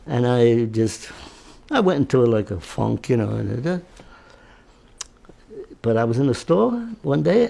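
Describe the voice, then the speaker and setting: An American man in his nineties, a war veteran telling a personal story in a halting way, with frequent restarts. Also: mid-range voice, vocal fry, dark tone. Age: 90s. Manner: halting and repetitive, with many restarts and fillers.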